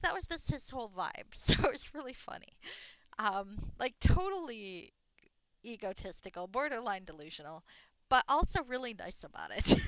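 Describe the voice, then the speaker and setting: A woman streamer chats casually while playing, rambling from one thought to the next and swearing freely. Her voice is animated and lively, with plenty of laughter mixed in. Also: on the high side, no room sound. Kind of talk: casual gameplay chat.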